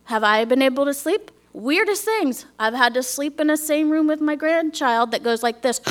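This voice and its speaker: A woman's voice: high-pitched, animated, measured pace, long pauses, fairly bright tone. A middle-aged woman giving a personal testimony to a congregation, earnest, sometimes dropping to a whisper and asking the listeners questions. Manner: earnest, drops to a whisper, asks the audience questions. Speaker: speaker giving a church testimony.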